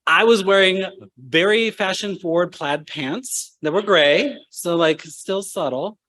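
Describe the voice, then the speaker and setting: A man's voice: high-pitched, unhurried, fairly bright tone. A young man giving a humorous storytelling speech at a medical school ceremony, acting out voices from his anecdotes.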